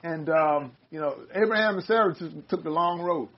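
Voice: medium pitch, normal speed, lo-fi sound. An older speaker leading a casual Bible study discussion, rambling with many restarts and reading passages aloud.

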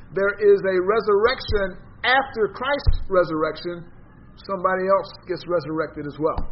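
A high-pitched man leads a Bible study, reading verses aloud and then breaking them down with questions for his class. The sound is dull and lo-fi, with a faint hiss underneath. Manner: reads scripture aloud, then explains and quizzes the class. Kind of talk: interactive Bible study teaching.

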